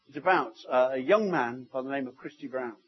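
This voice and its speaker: A man preaching a sermon in a church service, telling stories and swinging between loud passages and hushed ones. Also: medium pitch, brisk, slightly rough, lo-fi sound. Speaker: pastor.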